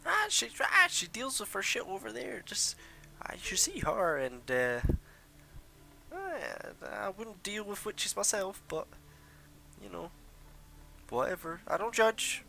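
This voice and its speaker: A man putting on a high falsetto to voice a gossipy older townswoman who chatters on. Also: sing-song, slow, gravelly, pushed and bright, heavily acted.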